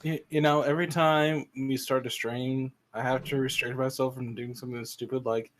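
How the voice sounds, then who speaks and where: Dude cohost, dry silly one-liners in casual stream chat. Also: male voice, mid-range voice, moderate pace, slight background noise. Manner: silly deadpan quips. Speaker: stream co-host. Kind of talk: casual let's play chat.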